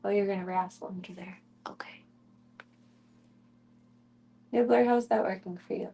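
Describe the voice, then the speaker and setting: A woman's voice: medium pitch, fairly even intonation, quick pace, dark tone, husky. A young woman streamer chatting casually and cooing in baby talk at her kittens, often giggling. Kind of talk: casual chat with her cats.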